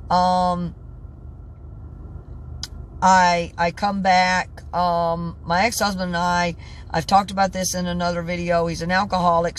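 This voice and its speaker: A tired woman in her sixties talking in a casual vlog, stressed and halting, often repeating herself and restarting sentences. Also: on the low side, a little hiss or hum. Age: 60s. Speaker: vlogger. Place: in her truck at a truck stop.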